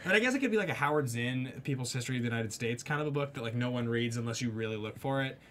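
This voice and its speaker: A man's voice: mid-range voice, very fast, slight background noise. Rambling man recapping a TV episode. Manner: rambling, many "like" fillers, animated retelling. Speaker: show host. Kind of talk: casual TV recap chat. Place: studio.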